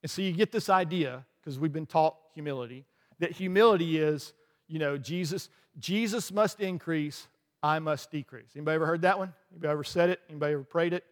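A pastor preaching a lively sermon in a church, with rhetorical questions, asides and small laughs. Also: male voice, fairly high pitch, fast talker. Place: church sanctuary. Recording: long hall reverb.

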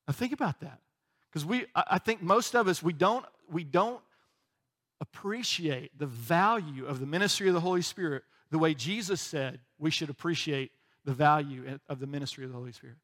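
Guy pastor with a fairly high voice, chatty sermon, jokes around and does little voices, keeps saying right?. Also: normal speed, a bit bright. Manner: conversational, joking, acts out voices, frequent "right?".

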